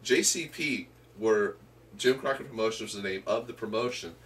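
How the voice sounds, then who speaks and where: A man co-hosting a casual wrestling history chat, talking haltingly with many restarts. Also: lowish voice, fairly bright tone. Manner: halting, full of restarts and fillers. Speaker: podcast co-host. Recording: distant mic with faint room noise.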